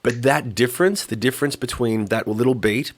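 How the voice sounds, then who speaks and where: A man's voice: mid-range voice, a little fast. A man hosting a podcast, chatting casually and telling rambling, profane stories. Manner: rambling, profane, animated storytelling. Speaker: podcast host. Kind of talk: casual chat.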